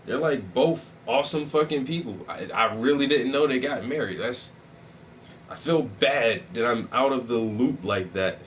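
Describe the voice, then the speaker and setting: A man chatting casually on a livestream as he paints, animated, mimicking his own phone voices and swearing freely. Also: medium pitch, normal speed, distant mic, a little hiss or hum. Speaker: vlogger and painter.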